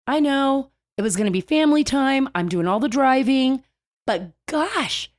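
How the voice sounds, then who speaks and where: A woman hosting a casual talk show, chatty and animated, telling stories with big swings in her voice. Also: sits high, a little slow.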